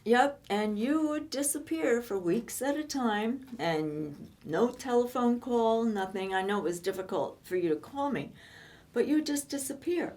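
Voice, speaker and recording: A woman in her seventies reminiscing in casual chat, telling lively stories and laughing often. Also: a little high, a little slow. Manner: animated storytelling, laughs often. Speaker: co-host.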